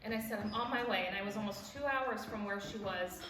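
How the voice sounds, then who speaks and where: At a church event, a woman in her forties speaks a little fast in a mid-range voice, warmly recounting a personal story with a devotional point. She laughs along and plays the people she quotes; the sound comes from far off in an echoey church hall with background noise.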